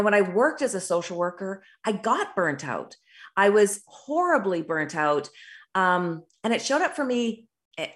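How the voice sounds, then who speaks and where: A middle-aged woman talking as an intuitive business coach, earnest and rambling, with frequent restarts and tag questions. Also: on the low side. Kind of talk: casual monologue.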